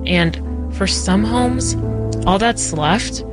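A woman reporter reading a scripted news narration in a measured, clear delivery. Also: medium pitch, music in the background.

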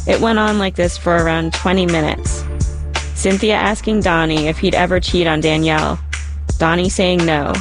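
A woman narrating a first-person spoken-word story in a calm, reflective way. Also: lowish voice, moderate pace. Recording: narration over a music bed.

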